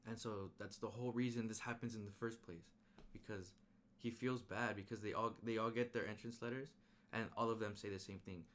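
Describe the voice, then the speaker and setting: Casual male movie reviewer, very low voice, chatty rambling recap, slangy delivery. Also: fairly quick, few pauses, a little hiss or hum. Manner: rambling, animated retelling with slang and restarts.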